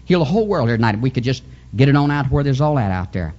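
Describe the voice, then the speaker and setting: A man preaching a fervent Pentecostal revival sermon, swinging his pitch and chuckling as he goes. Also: very animated, very fast, a little mellow, muffled recording. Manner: fervent, sing-song preaching with sudden pitch jumps and chuckles.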